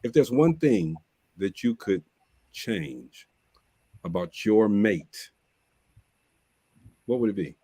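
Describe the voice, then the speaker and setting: A man's voice: on the low side, sing-song, slow, long pauses, warm tone, husky, no room sound. A man hosting a casual panel chat, telling stories with repeats and laughter. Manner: storytelling, laughing, repeats himself. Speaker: host.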